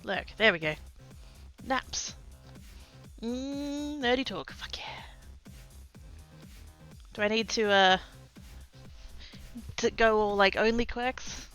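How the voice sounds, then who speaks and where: A craft streamer sorts supplies while chatting casually to her livestream chat, rambling and poking fun at herself. Her voice sits on the high side and is fairly bright, slow, with long pauses and faint music in the background.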